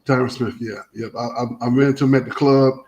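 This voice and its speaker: A man hosting a casual sports talk show, telling stories in a rambling, animated way with many restarts. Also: mid-range voice, fast, lo-fi sound.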